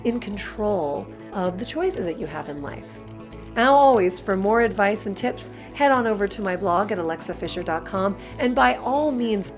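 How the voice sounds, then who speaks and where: Expressive woman giving communication tips. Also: mid-range voice. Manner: expressive, chatty, acts out little scenes. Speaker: communication coach. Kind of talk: direct-to-camera tips video.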